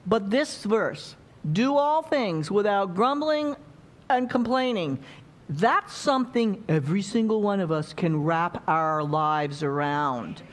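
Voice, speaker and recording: A woman's voice: medium pitch, animated, slow. A woman preaching a sermon in a church, playful and chatty, acting out little quotes as she goes.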